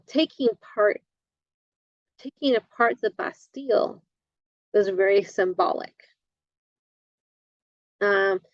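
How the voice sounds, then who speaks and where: A woman instructor giving a recorded lecture, halting often with fillers and correcting herself as she goes. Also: medium pitch, no room sound, highs cut off.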